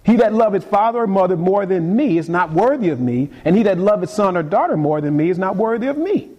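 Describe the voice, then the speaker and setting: A man delivering a sermon with a fairly high voice. He talks casually and stumbles over repeated words, then climbs into sudden emphatic peaks before dropping back down low. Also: animated, fast talker, dull audio. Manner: dynamic preaching, swings between quiet and emphatic. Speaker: pastor.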